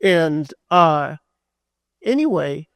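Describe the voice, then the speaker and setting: A man giving a conference keynote, telling a story in a loose, animated way with many fillers and restarts, acting out what people said. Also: a little high, drawn-out words, vocal fry, clear, resonant tone, dry recording, clean studio sound. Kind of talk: storytelling talk.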